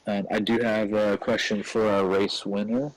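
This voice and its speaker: A man's voice: fairly low pitch, flat delivery, moderate pace, no room sound, poor audio. A man in casual chat, asking drivers questions in a laid-back way. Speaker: guest interviewer.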